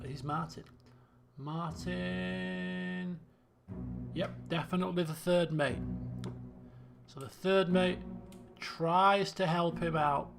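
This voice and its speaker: Streaming a detective game, a man thinks aloud and mutters to himself while working through the clues. His voice is a little high and creaky, and the talk is let's-play commentary.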